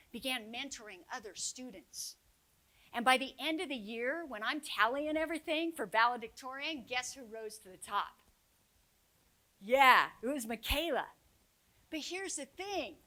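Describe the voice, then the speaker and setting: A woman giving a motivational keynote to teachers, telling stories in an expressive way that swings from hushed to loud and rallying. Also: on the high side. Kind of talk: motivational conference keynote with storytelling. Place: conference stage before an audience.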